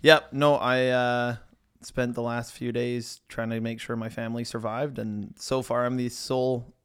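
A man in casual podcast chat with a dry sense of humor and quick joking asides. His voice sits at an ordinary middle pitch for a man. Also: flat delivery, a bit bright, clear, resonant tone.

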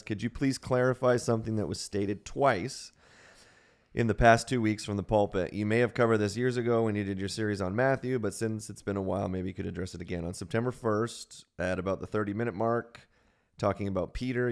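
Gravelly-voiced male podcast host. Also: lowish voice. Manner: jokey, laughs often, reads listener questions aloud. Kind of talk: casual chat.

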